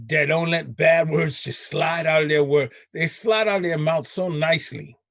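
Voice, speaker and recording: A man hosting a casual chat, animated and ranting, who stretches words for emphasis. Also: a little high, a little slow, gravelly, no echo. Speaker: host.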